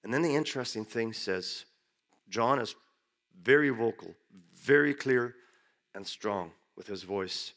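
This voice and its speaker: A man giving a sermon who reads Bible verses aloud and then explains them in plain, everyday words, rising sharply in pitch to stress key points. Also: measured pace, fairly bright tone. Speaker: preacher. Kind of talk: sermon reading and explaining scripture.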